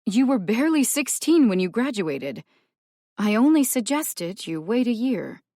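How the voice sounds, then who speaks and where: A woman's voice: fairly high pitch, sing-song, a little slow, dark tone, no echo, clean studio sound, voice pushed up, heavily acted. A woman narrating an audiobook, voicing a stern, practical woman who speaks in a firm, lecturing way. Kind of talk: audiobook character voice.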